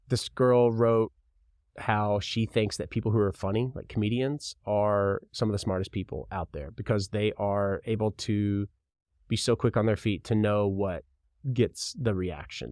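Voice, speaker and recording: A man's voice: fairly low pitch, no echo, clean studio sound. A young man from Kentucky with a mild Southern accent, hosting a podcast and rambling frankly in casual solo talk, swearing now and then. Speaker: podcast host.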